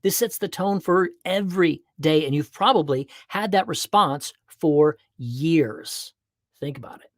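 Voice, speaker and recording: Man, podcast host, casual and playful, animated asides, dry close recording. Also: fairly high pitch, unhurried, dry recording. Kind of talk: casual livestream chat and podcast monologue.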